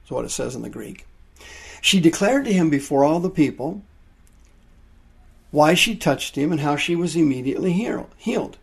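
A man preaching a sermon, explaining Greek words from the Bible with drawn-out emphasis. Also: a little high, animated, gravelly, husky.

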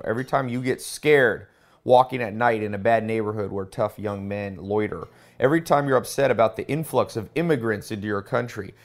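A man hosting a show about a book, talking it through in casual commentary, stressing key words and often restarting sentences. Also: medium pitch. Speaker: host discussing a book.

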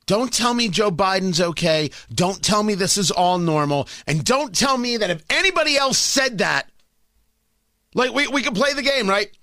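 A man's voice: sits high, lively intonation, moderate pace, sharp tone, dry recording, clean studio sound. A man hosting a political commentary show, sarcastic and emphatic, needling his target. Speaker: commentary host.

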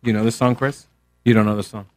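A man's voice: on the low side, fairly even intonation, fast, no room sound. An American man hosting a talk radio show, rambling and joking in a casual way. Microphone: studio microphone.

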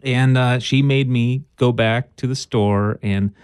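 A man's voice: mid-range voice, steady tone, slow pace, darkish tone, clear, resonant tone, no echo. Man, radio co-host, joking casual chat, dry close mic. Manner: playful, joking. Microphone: studio microphone.

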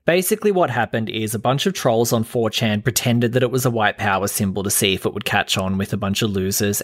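A man's voice: mid-range voice, no room sound. Young aussie guy dishing celeb gossip, shady and sarcastic, dry close sound. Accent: Australian. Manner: sarcastic, shade-throwing. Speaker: host. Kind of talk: gossip commentary vlog.

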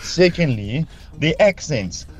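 A man in a listener voice message, speaking quickly in an indignant, mocking way. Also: fairly high pitch, animated.

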